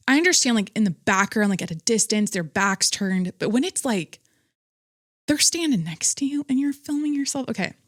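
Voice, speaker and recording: A woman hosting a podcast, telling a story in a blunt, profane, animated monologue. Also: medium pitch, no echo, studio quality. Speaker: podcast host. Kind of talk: casual monologue.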